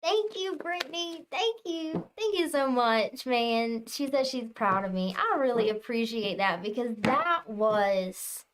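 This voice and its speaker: A young woman chatting casually with her viewers on a tarot reading livestream, telling stories in an animated way. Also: a little high, unhurried, hardly any pauses, a little hiss or hum. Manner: chatty, animated storytelling, talks to chat. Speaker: tarot reader livestream host.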